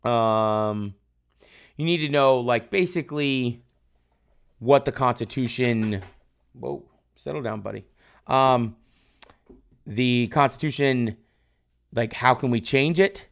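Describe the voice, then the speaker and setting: In a live-streamed exam review, a history teacher loosely quizzes his viewers and praises their answers, rambling and tossing in tag questions like "right?" His medium-pitched voice has vocal fry, and he takes it slowly with frequent pauses.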